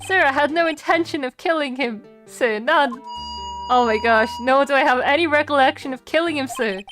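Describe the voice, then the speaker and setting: A woman voicing an overeager, jittery young male police officer who ends almost every sentence with "sir" and talks loud and melodramatic. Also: sits high, moderate pace, over music, lightly acted. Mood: flustered.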